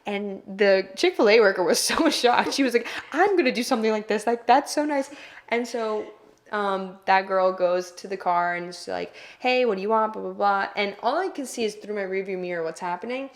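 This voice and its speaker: A woman's voice: medium pitch, normal speed. A young woman co-hosting a podcast, telling a long anecdote in casual chat with lots of "like" and restarts. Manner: rambling storyteller, heavy use of "like". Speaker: podcast co-host.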